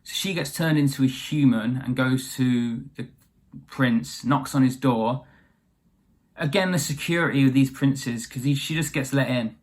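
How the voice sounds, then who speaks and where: A man's voice: medium pitch, unhurried. A man retelling a fairy tale as comedy, rambling with wry asides and lots of fillers. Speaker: storyteller.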